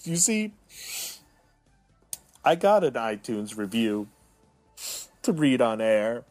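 A man's voice: medium pitch, big pitch swings, slow pace, pauses often, darkish tone, no echo, faint music behind. Theatrical man in his thirties hosting. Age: 30s. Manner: mock-dramatic, swinging from self-pitying to indignant. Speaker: podcast host. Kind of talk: solo podcast monologue.

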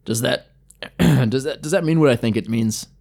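A man's voice: medium pitch, normal speed, vocal fry, darkish tone. A man voicing a crude, booze-loving stout dwarf adventurer who talks bluntly and jokes. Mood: flippant.

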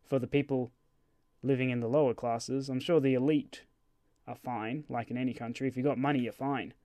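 Rambling podcast host. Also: male voice, medium pitch, fairly even intonation, a little fast, warm tone, dry recording, studio quality. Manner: rambling, jokey, trails off and restarts. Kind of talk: casual podcast chat.

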